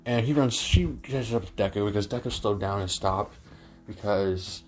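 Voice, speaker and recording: A man's voice: lowish voice, moderate pace, soft background music. A man improvising a fan-fiction story, rambling with many fillers and self-corrections.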